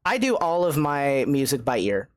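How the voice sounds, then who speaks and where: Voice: mid-range voice, very animated, moderate pace, no echo. A young adult game streamer in casual let's-play chat, self-mocking, often stammering and swearing. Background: faint game music.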